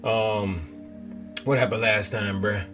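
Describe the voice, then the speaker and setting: Man, young adult, gaming host, let's-play commentary, excitable, profane slang, clear background music. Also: fairly low pitch, slow pace.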